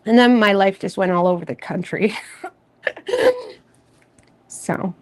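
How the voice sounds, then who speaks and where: A woman's voice: mid-range voice, takes it slowly. A woman from Nova Scotia, Canada, running a casual tarot livestream. She talks in a loose, rambling, confiding way, with plenty of fillers and light laughs along the way. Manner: rambling, candid and chatty, with frequent fillers and soft laughs. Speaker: tarot reader and channel host.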